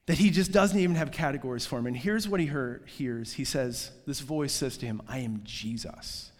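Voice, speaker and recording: Conversational male pastor in a reverberant hall. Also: high voice. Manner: casual, conversational preaching with many fillers and asides. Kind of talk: sermon.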